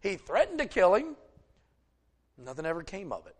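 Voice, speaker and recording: A male preacher delivering a sermon, retelling a story and swinging between loud emphasis and hushed asides. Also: high-pitched, wildly swooping pitch, moderate pace.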